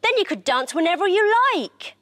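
A woman's voice: extremely high pitch, expressive, normal speed, fairly bright tone, no echo, voice pushed up. A woman voicing a charming male animal friend who is a magician, in a playful, coaxing way for a children's storybook.

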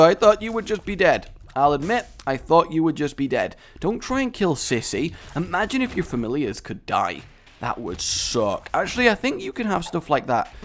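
Young man, from Britain, let's play commentary, jokey and rambling, very expressive pitch. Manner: jokey, rambling, breaks into silly accents. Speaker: gaming commentator.

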